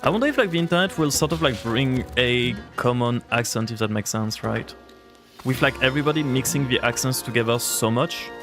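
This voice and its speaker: A man's voice: mid-range voice, brisk, fairly bright tone, soft background music. Rambling male streamer chatting to viewers. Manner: rambling, heavy use of "like" fillers; reacts to and answers chat aloud. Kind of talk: casual live-stream chat while gaming.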